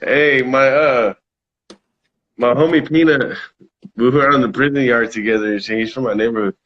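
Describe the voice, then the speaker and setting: A man's voice: medium pitch, steady tone, moderate pace, highs cut off. A man telling stories in a casual interview, laid-back, swearing freely and laughing often. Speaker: rapper being interviewed.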